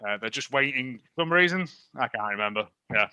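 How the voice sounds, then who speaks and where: A man's voice: mid-range voice, lively intonation, brisk, sharp tone, clear, resonant tone, no echo. A man co-hosting a podcast, recapping a film in a casual, laughing way. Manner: laughing recaps, acting out lines in silly voices. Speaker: podcast co-host. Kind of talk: casual chat.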